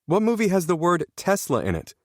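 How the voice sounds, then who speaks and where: A man voicing a competitive, bossy teenage girl who directs the game in a high voice. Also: wildly swooping pitch, brisk, dry recording, studio quality. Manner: competitive, commanding.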